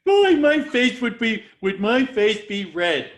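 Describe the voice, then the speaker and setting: A man voicing a dim-witted, cheerful cartoon dad in a table read, goofy and excitable. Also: high-pitched, moderate pace. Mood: giggling.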